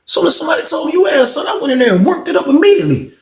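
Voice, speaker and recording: A man putting on a pushy, excited fellow inmate. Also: very high-pitched, very fast, roomy sound, pitched above the performer's own voice. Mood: eager.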